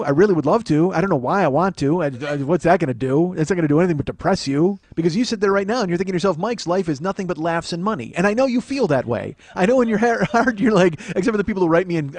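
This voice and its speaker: A man in his forties rattles through a comic rant at a quick clip. His voice sits high for a man, and his tone is profane and mock-indignant. The sound is dry and close, with no room around it. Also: darkish tone, no room sound. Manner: ranting, profane, self-mocking, mock-indignant. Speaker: comedy podcast host. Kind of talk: solo comedic monologue.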